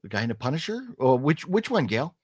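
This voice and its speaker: A man hosting a casual live chat, reading out chat messages as he goes, animated and rambling, with many fillers and restarts. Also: medium pitch, fast talker, husky, dry recording, studio quality. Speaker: livestream host reading chat.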